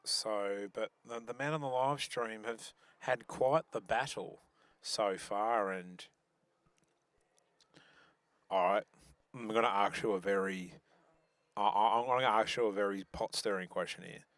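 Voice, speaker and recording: A man's voice: fairly low pitch, unhurried, pauses often, a bit bright, no room sound. A man commentating a bowls live stream, chatty and joking, with many restarts.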